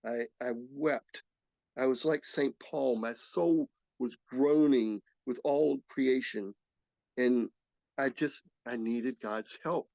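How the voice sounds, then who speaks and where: A man in his sixties sharing his recovery story in an earnest, halting way, often restarting his sentences. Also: mid-range voice, vocal fry, mellow, dry recording. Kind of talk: personal testimony talk. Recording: slightly dull, dry recording.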